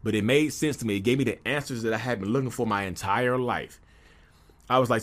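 A man's voice: medium pitch, fairly quick. A man in his thirties tells his own story in a candid, conversational way, full of "you know" fillers. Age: 30s. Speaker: podcast host. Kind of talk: personal storytelling monologue.

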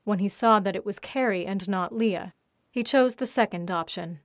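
A woman reads a written story aloud in a steady, even narration. Her voice sits at an ordinary middle pitch. The recording is dry and close, with no room sound. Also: normal speed, no room sound. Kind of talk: scripted erotic story reading.

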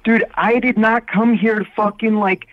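A man's voice: high-pitched, fairly even intonation, normal speed. A man from Wisconsin calling in to a comedy show, swearing and picking fights. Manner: profane, combative. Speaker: caller. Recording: muffled phone-line audio.

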